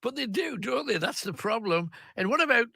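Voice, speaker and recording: A man's voice: extremely high pitch, sing-song, a little fast, vocal fry, sharp tone, slightly rough, no echo. A man hosting a late-night phone-in radio show, reacting to callers' stories. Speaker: radio host.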